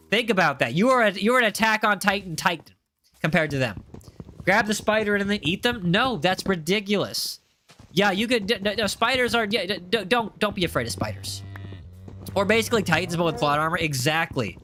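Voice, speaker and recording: A man's voice: high-pitched, bright, forceful tone, a little hiss or hum. A young man streaming a game and chatting with viewers, teasing and joking, often repeating lines for comic effect. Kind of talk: casual live-stream chat while gaming.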